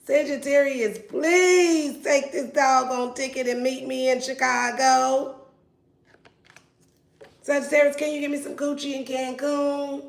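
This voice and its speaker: A woman's voice: high voice, fairly even intonation, unhurried, creaky, pitched above the performer's own voice. Brief: a woman playing a needy ex pleading crudely in a raised voice, echoey room. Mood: begging. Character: needy jilted ex begging for a trip. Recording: roomy echo.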